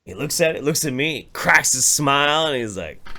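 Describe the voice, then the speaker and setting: A man co-hosting a live-streamed podcast, telling a loose, animated story and slipping into voices for the people in it. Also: fairly high pitch, moderate pace. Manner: animated, acts out voices in anecdotes. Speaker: podcast co-host. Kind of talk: casual storytelling chat. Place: home studio, live stream.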